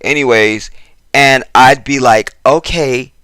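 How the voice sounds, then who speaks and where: A man's voice: medium pitch, normal speed, bright, forceful tone, no room sound. A man hosting a casual commentary video, talking straight to his viewers and getting worked up as he repeats himself. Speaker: channel host.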